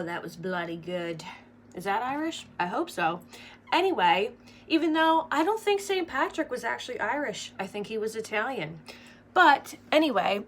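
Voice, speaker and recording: Young woman, makeup tutorial vlog, chatty and rambling, faint room noise. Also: mid-range voice. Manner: chatty, rambling, many fillers. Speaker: makeup vlogger. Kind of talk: casual makeup tutorial chat.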